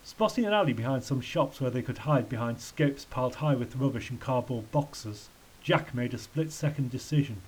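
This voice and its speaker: A man's voice: medium pitch, lively intonation, normal speed, darkish tone, slightly rough, low-quality recording. A man reading a children's story aloud. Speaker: narrator.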